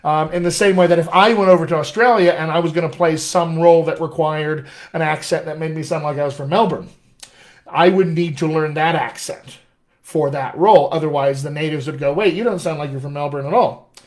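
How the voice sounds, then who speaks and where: Brief: American man, dialect coach, upbeat live Q&A, voice on the high side. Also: steady tone, brisk. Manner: chatty, enthusiastic, reads out viewer questions. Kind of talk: live-stream Q&A lesson.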